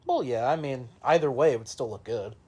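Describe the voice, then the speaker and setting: A man's voice: medium pitch, fairly quick, a little mellow, slightly rough. A young man co-hosting a podcast, chatting casually and emphatically about sports. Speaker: podcast co-host.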